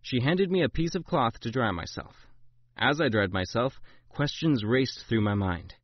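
A man reads a memoir aloud with a lively, swooping delivery, putting big rises of pitch and volume into the quoted lines. The recording is dull and lo-fi, close and dry with no room sound. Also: moderate pace, breathy edge, dry recording. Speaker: narrator. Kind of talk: dramatic memoir reading.

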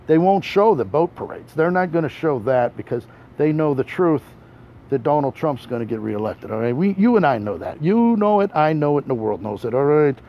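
A man's voice: on the high side, very animated, a little fast. A man giving a boat tour, talking in a brash, teasing monologue straight to the listener and repeating himself for effect. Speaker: tour guide. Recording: dull boat recording with motor noise.

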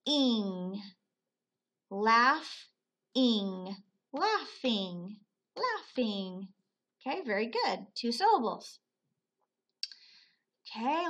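A woman teaching a phonics lesson to children, sounding out words slowly, repeating them and praising often. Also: a little high, fairly bright tone. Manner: slow, patient, repeats words aloud for pupils; praises often, asks questions and answers them.

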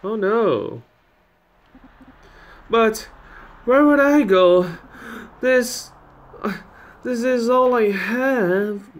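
A man's voice: drawn-out words, pauses often, exaggerated voice. Brief: man puts on a fragile old lady in a raised quavering voice, apologetic and close to tears. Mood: pleading, tearful. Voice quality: high wavering voice. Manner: apologetic and pleading. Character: frail tearful old woman in debt.

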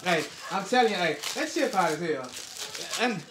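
Brief: excitable dad vlogger, bright forward voice, teasing hype-man energy, light background hiss. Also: sits high, normal speed. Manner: hyped, teasing, calling out to viewers. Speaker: channel host and father. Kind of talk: casual vlog commentary.

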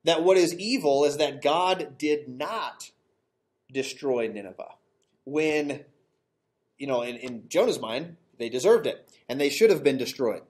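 A man with a slightly high voice teaches a verse-by-verse sermon. He walks his congregation through the text patiently, asking rhetorical questions and correcting his own slips as he goes. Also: measured pace, a little mellow. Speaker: pastor. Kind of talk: expository sermon. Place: church sanctuary.

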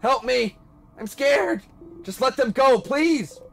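A man's voice: animated, slow, vocal fry, a bit bright, faint music behind, exaggerated voice. A man doing a frantic, screaming young hero. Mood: desperate. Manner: frantic high-pitched screaming and pleading. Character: desperate young male hero screaming for friend.

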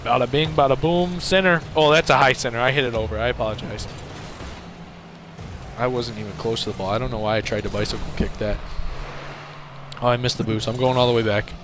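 A young man streaming a game, shouting excited commentary and bossy coaching at his teammate. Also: mid-range voice, fairly quick, pauses often, noisy background. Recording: game music behind.

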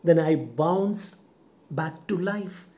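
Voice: mid-range voice, expressive, extremely slow, mellow. A teacher voicing an old male servant from a play who tells, in a plain and matter-of-fact way, how he grieved for his wife. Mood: recounting.

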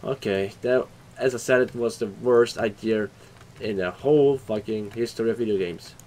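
A young man hosting a horror game playthrough, talking loud, swearing and bursting into screams. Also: fairly low pitch, normal speed. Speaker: gaming channel host.

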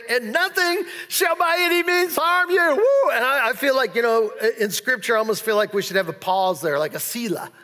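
Guy preaching in a big church hall, high bright voice, playful and animated, long echo. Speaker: pastor. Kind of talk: sermon.

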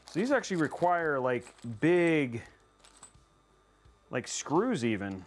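A man's voice: fairly high pitch, big pitch swings, slow. A man live-streaming a PC build, talking to his chat in a playful, rambling way and teasing them.

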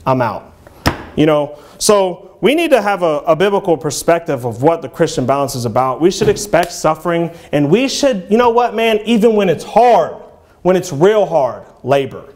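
A man in his thirties delivers a sermon in a church, his voice sitting high for a man. He keeps it conversational, slipping in "you know" and "man" between passages of old-style scripture. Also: very animated, moderate pace, a little mellow. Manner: reads scripture aloud in King James English. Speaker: preacher.

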